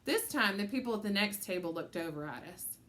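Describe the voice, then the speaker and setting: A woman narrating a children's audiobook with an animated, expressive delivery. Her pitch moves freely up and down as she tells the story. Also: fairly quick. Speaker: audiobook reader.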